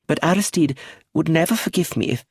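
A woman's voice: sits low, a little fast, darkish tone, slightly rough, no room sound, studio quality, pitched above the performer's own voice. A man reading aloud, voicing a stern elderly aunt who speaks grimly and firmly. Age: older. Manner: grim, firm and clipped.

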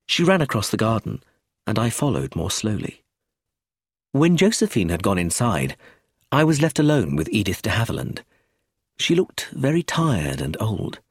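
A man reading a novel aloud as first-person narrator, measured and expressive. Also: lowish voice, breathy edge, no room sound, studio quality. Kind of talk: audiobook narration.

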